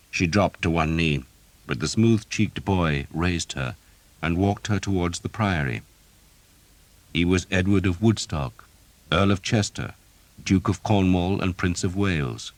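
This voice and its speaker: A man reading an audiobook, in steady, measured scripted narration. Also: very deep voice, no echo.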